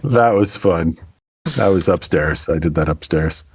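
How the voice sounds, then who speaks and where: A middle-aged man chatting casually as the interviewer, speaking softly and haltingly. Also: deep voice, husky. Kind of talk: casual chat.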